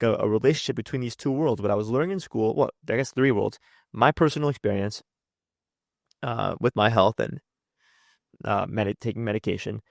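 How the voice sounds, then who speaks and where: Late-20s male vlogger: low gravelly voice, dry close sound, animated, rambling storytelling. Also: no room sound. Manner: animated, rambling, heavy use of "like". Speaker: health coach and channel host. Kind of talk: casual personal storytelling.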